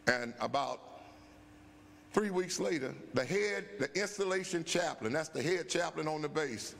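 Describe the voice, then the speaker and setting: An older man, a bishop, tells an animated story with a rough, gravelly edge and a somewhat high pitch. His talk is folksy and loose, full of asides. Long church-hall reverb trails after him. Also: normal speed. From USA. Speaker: bishop teaching Bible study. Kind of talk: storytelling sermon. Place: church sanctuary.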